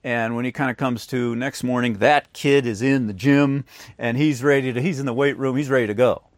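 A man's voice: medium pitch, steady tone, a little fast, no room sound, clean studio sound. A man preaching a sermon who acts out the voices of the people in his stories. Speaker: pastor.

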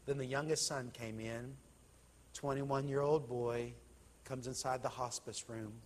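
A male pastor telling a story in a sermon, impassioned and swinging from hushed to loud. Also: mid-range voice, fairly even intonation, a little slow, in a large hall. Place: church.

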